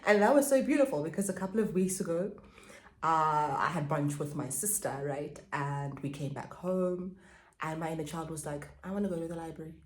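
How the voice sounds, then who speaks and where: A woman's voice: deep voice, normal speed. A woman coach giving a reflective self-help vlog talk, repeating and stressing key phrases. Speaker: pleasure and spirituality coach. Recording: echoey room.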